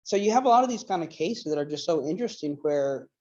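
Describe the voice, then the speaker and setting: A man talks through a casual lecture in an earnest, rambling way, leaning on fillers and restarts. His voice sits low and mellow in tone. The recording is dull and lo-fi. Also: animated, quick pace. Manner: emotional retelling. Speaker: apologetics speaker.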